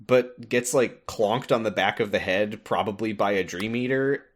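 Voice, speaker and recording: A man's voice: fairly low pitch, moderate pace. A man hosting a podcast, recapping a video game in casual chat, rambling with many fillers and frequent laughs. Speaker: podcast host.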